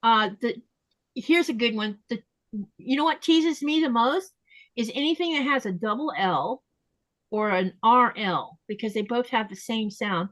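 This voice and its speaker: A woman hosting a casual podcast chat, talking easily and slowing down to spell out how words are said. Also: a little high, fairly bright tone, no room sound. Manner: chatty, explains pronunciation slowly and repeats words. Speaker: podcast host.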